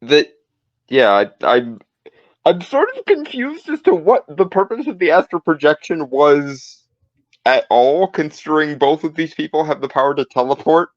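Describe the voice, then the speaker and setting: A man's voice: a little high, sing-song, normal speed, dry recording. Male co-host, wry and questioning, dry, muffled recording. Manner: wry, puzzled commentary. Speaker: podcast co-host. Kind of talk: casual chat. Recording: dull lo-fi sound.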